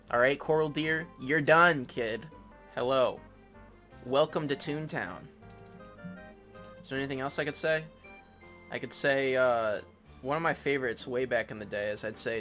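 A man's voice: on the high side, normal speed, pauses often, sharp tone, faint music behind. A young man casually commentating a game he is playing, joking, trash-talking and swearing a lot. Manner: crude, joking trash talk with lots of swearing. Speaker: gaming YouTuber. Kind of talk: casual let's play commentary.

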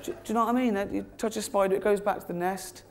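Cheeky stand-up comic, middle-aged, giggly asides, noisy live stage recording. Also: male voice, sits high, fairly even intonation, fast talker. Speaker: stand-up comedian. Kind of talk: stand-up comedy routine. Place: comedy stage before an audience.

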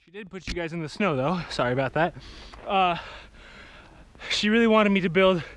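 A man filming a family vlog outdoors on a snowy hill, whooping excitedly while sledding and a bit out of breath. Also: sits high, normal speed, very noisy. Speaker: vlogger dad.

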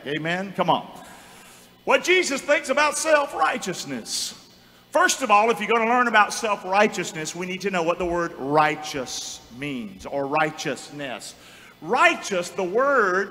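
A male pastor preaching a call-and-response sermon to his congregation, rising to shouts and repeatedly calling on them to answer. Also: high-pitched. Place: church sanctuary. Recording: reverberant church hall.

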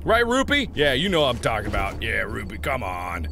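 A man's voice: mid-range voice, brisk, gravelly, a little hiss or hum. A man hosting casual gameplay commentary, joking and laughing often. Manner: animated, jokey, laughs often. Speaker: let's-play host.

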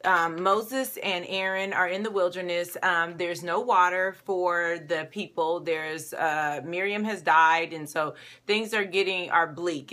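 Bright-voiced woman teaching a devotional. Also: fairly low pitch. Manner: conversational, many fillers, paraphrases scripture in lively voices. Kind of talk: casual Bible devotional teaching.

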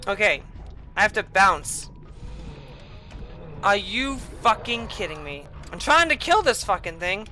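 A young woman giving rage-filled gameplay commentary as a host, swearing and yelling at the game. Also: fairly high pitch, lively intonation, moderate pace, faint music behind. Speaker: gaming video host.

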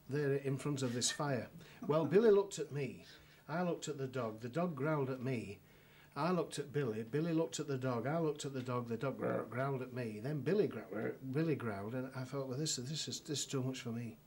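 A man's voice: medium pitch, normal speed, few pauses, darkish tone, slightly rough. A middle-aged man with a northern English accent, telling a dry anecdote as a solicitor in a documentary interview, with many restarts and fillers.

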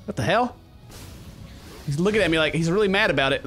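A young man commentating his gameplay, goofy and excitable, talking back to the characters on screen. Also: fairly high pitch, brisk, soft background music. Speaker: gaming video host. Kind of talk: game commentary.

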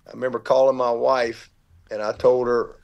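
Middle-aged coach, gravelly, mid-pitched, earnest storyteller who acts out quotes. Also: male voice, level tone, moderate pace, darkish tone, dull audio. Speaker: football head coach, podcast guest. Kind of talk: storytelling in an interview.

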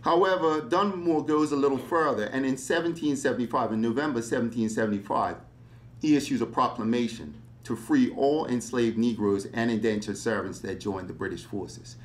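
A male history lecturer speaking at a public talk in a mid-range voice. He is animated and conversational, often breaking in with rhetorical questions to keep his audience engaged. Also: mid-range voice, normal speed.

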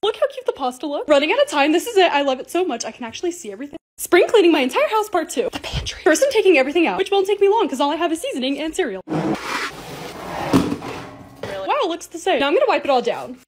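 A woman's voice: very high voice, big pitch swings, fast talker, background noise. A young adult woman narrating her cleaning and organizing vlog in a casual voice-over, gushing and bubbly with self-mocking asides. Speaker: lifestyle vlogger.

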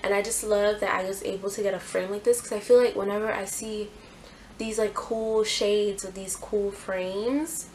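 A woman's voice: medium pitch, steady tone, normal speed, darkish tone, a little hiss or hum, poor audio. A young woman hosting a casual clothing haul vlog, chatty and gushing, with lots of fillers. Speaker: fashion YouTuber.

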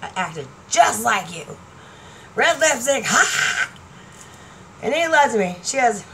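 A woman talks straight to her audience in an excitable, chatty way, her voice sitting a little high. She laughs often as she goes. A faint hum of room noise stays underneath. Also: takes it slowly, gravelly, long pauses, rough recording. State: partially deaf. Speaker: vlogger. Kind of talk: casual chat to camera.

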